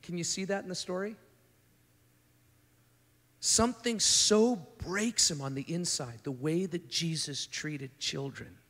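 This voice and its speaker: A fairly high-voiced man preaches at a conference, his voice carrying a long hall reverb. He talks in a loose, conversational way, stumbles and restarts often, and slips into the voices of the people in the story he tells. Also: unhurried, long pauses. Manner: animated, acts out the speakers in the story. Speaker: conference speaker. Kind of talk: sermon.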